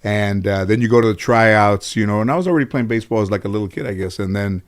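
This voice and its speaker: Middle-aged man from Los Angeles, guest storyteller; animated, profane, laughs at his own jokes. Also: fairly low pitch, fast talker. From Los Angeles area. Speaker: guest comedian. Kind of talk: casual storytelling in interview.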